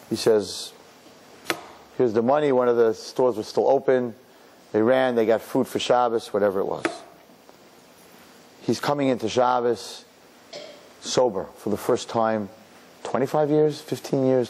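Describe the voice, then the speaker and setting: A middle-aged man preaching as a rabbi, spinning a long story and slipping into the voices of its characters. His voice sits at a middle pitch, with Yiddish and Hebrew words scattered through his speech. A faint hiss sits under the recording. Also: a little mellow. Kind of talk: storytelling sermon.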